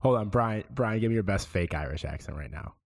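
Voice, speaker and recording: A man's voice: lowish voice, expressive, a little fast, vocal fry. A man co-hosting a podcast, talking in laid-back casual chat and teasing the others. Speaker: podcast co-host.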